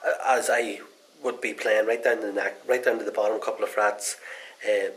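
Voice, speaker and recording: A man talks through a casual guitar repair demo in loose, rambling sentences. His voice sits a little on the low side, and his tone stays folksy and unhurried. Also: steady tone, a bit bright, low-quality recording. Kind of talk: casual how-to demonstration.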